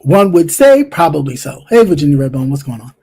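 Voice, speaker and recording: A casual live-stream commentator speaks straight to a viewer in a blunt, sassy manner. The voice is warm and mellow, with phrases repeated for emphasis. Sentences often trail off into quiet fillers. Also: medium pitch, very animated, fairly quick, vocal fry, husky. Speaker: livestream commentary host.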